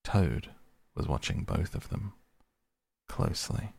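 Soft bedtime audiobook reader, deep husky man. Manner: soft, slow, calm reading. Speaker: podcast host and reader.

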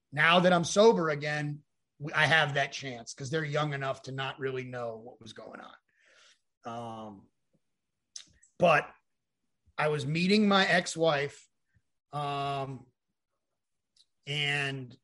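A man's voice: a little high, pushed and bright. A man as a podcast guest, telling a candid personal story in a rambling, frank way, swearing now and then and acting out what others said. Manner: rambling, frank, swears, acts out quoted dialogue.

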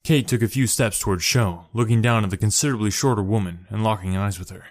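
Low-voiced man reading a story. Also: fast, dry recording, studio quality. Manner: steady narration, voices characters. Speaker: story reader.

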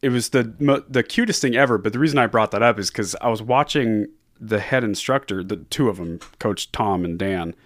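A man co-hosting a podcast in casual chat, rambling and joking with quick asides. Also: lowish voice, dry recording, studio quality. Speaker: podcast co-host.

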